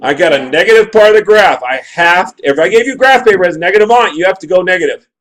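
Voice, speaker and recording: In a rough recording, a man with a high voice talks quickly while teaching a math class. He works through graphs aloud in an animated classroom lecture, checking in with students and asking the class to confirm things.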